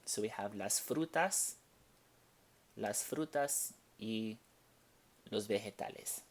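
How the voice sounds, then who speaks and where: Slow-paced male language teacher. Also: fairly low pitch. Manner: slow, deliberate explanations with Spanish examples. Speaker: Spanish teacher. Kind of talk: classroom-style language lesson.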